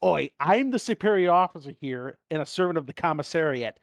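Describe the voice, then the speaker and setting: A man's voice: a little high, animated, fairly quick, creaky, no echo, studio quality. A man doing a barking officer in full dress uniform. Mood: commanding. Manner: barking orders.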